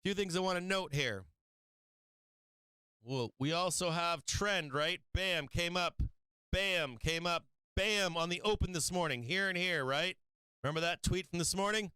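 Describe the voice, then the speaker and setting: A man hosting a live stock market stream, walking through charts in a brash, excitable way with casual swearing. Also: high voice, moderate pace, smooth, dry recording. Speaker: stock market show host.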